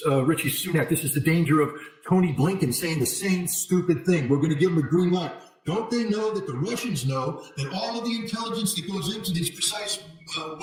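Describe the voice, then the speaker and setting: Emphatic man in an echoey room. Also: a little high. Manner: forceful, repetitive emphasis, sarcastic asides. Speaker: interview guest, military commentator. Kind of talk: emphatic political commentary.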